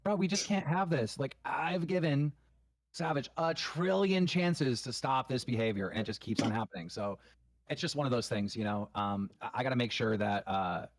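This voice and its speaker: A man's voice: medium pitch, moderate pace, no echo. A man hosting a livestream show, talking bluntly and emphatically with plenty of profanity. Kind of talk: livestream commentary.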